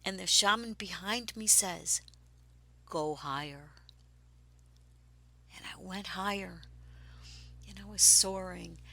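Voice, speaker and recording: A woman recounts a personal spiritual experience at an unhurried pace. Her voice is bright and edgy but grainy with fry, and she often drifts into breathy whispers before turning emphatic. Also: medium pitch, poor audio. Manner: grows excited and emphatic. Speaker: spiritual storyteller.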